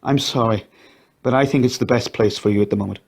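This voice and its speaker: A man's voice: lowish voice, fast, creaky, slightly rough. Mark: a man playing a stern controlling husband. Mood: firm. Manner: firm, flat and decisive.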